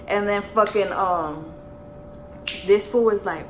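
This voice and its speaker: A young woman from telling a story while doing her makeup, in an animated slangy way full of fillers and swearing. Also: mid-range voice, slow, long pauses, low-quality recording. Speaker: beauty vlogger.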